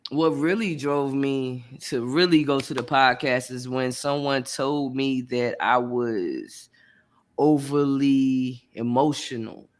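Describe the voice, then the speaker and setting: Male podcast host, mid pitch, earnest, heartfelt, repeats himself. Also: slow pace. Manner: earnest, heartfelt, repetitive phrasing. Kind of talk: casual chat.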